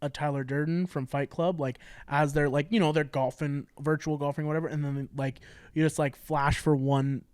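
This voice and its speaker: A young man co-hosting a podcast, riffing with quick, crude jokes in casual banter. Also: on the high side, fairly even intonation, a little mellow, smooth, no echo. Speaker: podcast co-host.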